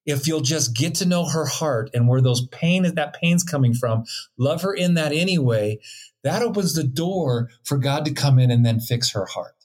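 A middle-aged man co-hosts a casual teaching chat about marriage, speaking at a moderate pace in a slightly high, animated voice with a darkish tone. He comes across as earnest and preachy but keeps slipping in jokes, and he laughs often.

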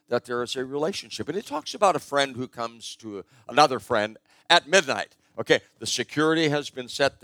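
A man's voice: medium pitch, a bit bright, dry recording. An older man preaching a sermon in a conversational, storytelling way, stressing his key points. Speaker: pastor.

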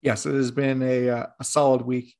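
A man's voice: mid-range voice, little pitch movement, moderate pace, creaky, a little mellow. A man co-hosting a sports podcast, teasing his co-host in a dry way. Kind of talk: casual sports podcast chat.

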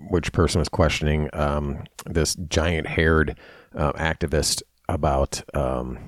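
A man's voice: rumbling low, flat delivery, takes it slowly, no echo, studio quality. A man in casual political chat who chimes in to agree, then rambles through his own stories.

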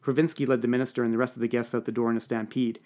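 A man narrating a first-person comic story for an audiobook podcast, with a dry, deadpan delivery. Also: mid-range voice, rapid-fire.

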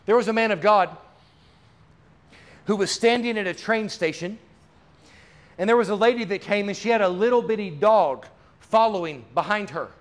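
A man with a notably high voice preaches a charismatic sermon in a church. He is fervent, and his talk builds to loud, drawn-out declarations. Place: church sanctuary.

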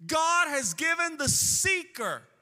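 High, bright-voiced preaching pastor. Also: male voice, big pitch swings. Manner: preaching with rising emphatic bursts and slow drawn-out phrases. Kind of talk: sermon. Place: church sanctuary with a band. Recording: long hall reverb with faint band music.

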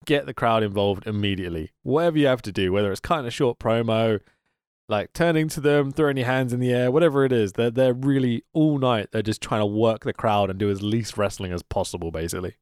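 A man's voice: mid-range voice, fast talker, darkish tone, clear, resonant tone, dry recording, clean studio sound. A man co-hosting a casual wrestling podcast, laughing often and telling stories with lots of expression. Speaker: podcast co-host. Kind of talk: casual chat reviewing wrestling.

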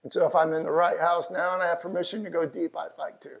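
A middle-aged man with a Texan accent preaching a sermon as pastor, swinging from quiet asides to impassioned shouted lines. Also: fairly high pitch, level tone, quick pace, creaky, rough recording. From Texas.

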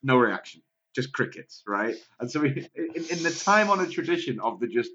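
A man's voice: mid-range voice, big pitch swings, a little fast, sharp tone. A British man co-hosting a podcast, chatting casually with wry, jokey asides. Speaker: podcast co-host. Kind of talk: casual comedic chat. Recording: muffled lo-fi podcast audio.

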